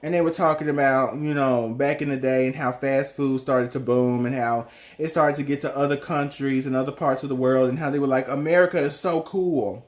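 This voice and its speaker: A man's voice: mid-range voice, steady tone, brisk. A man from South Mississippi giving earnest personal commentary, full of rhetorical questions. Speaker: vlogger.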